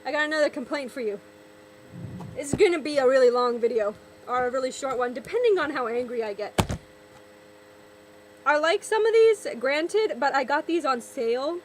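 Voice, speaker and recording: A woman's voice: high-pitched, expressive, moderate pace, long pauses, a little hiss or hum, rough recording. A young woman vlogger ranting sarcastically, exasperated, often repeating and restarting her words. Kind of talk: ranting vlog commentary.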